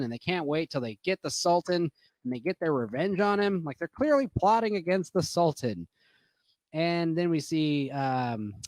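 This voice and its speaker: A man's voice: a little high, no room sound. A drunk man giving a rambling, profane movie rant, full of fillers and restarts. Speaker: movie reviewer.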